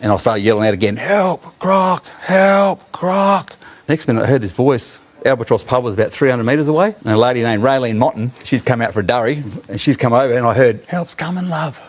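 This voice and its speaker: Excitable Australian man telling a yarn. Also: mid-range voice, fast, hardly any pauses. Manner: laughing, excitable, colloquial. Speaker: interviewee telling his own story. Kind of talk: animated storytelling.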